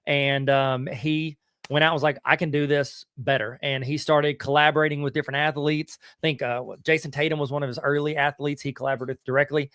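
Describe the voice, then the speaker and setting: Slangy Southern podcast host, dry sound. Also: male voice, a little high, little pitch movement, fairly quick, fairly bright tone, clear, resonant tone, dry recording. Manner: casual slangy, many fillers and restarts. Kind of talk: casual live-stream talk.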